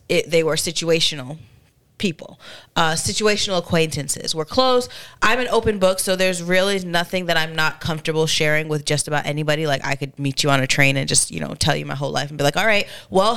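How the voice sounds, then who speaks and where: A woman in her thirties co-hosts a podcast, chatting candidly and leaning on filler words, sounding a little congested. Her voice is deep and clear, with a resonant, fairly bright tone.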